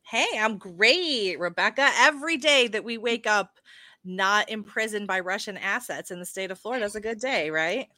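A woman's voice: mid-range voice, expressive, normal speed, bright, forceful tone, dry recording, studio quality. A woman co-hosting a podcast in casual chat, upbeat and wry. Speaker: podcast co-host.

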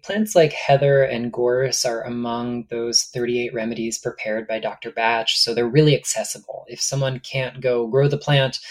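Man explaining calmly as a guest. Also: mid-range voice. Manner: thoughtful, explanatory. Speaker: author and guest. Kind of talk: casual podcast interview.

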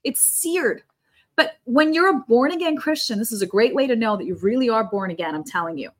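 Appearing as a podcast guest, a woman preaches in a fervent, conversational way, repeating her points to stress them. Her voice is a little high, animated, and fairly quick.

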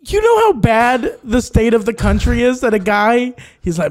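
Male co-host, high, lively voice, quick jokey reactions. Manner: quick reactions, joking questions. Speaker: podcast co-host. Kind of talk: casual chat.

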